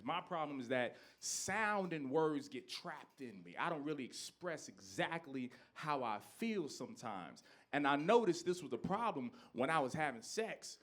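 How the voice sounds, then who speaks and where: A man in his thirties performing a stand-up comedy set on a club stage, ranting with loud outbursts and dropping into low asides. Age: 30s.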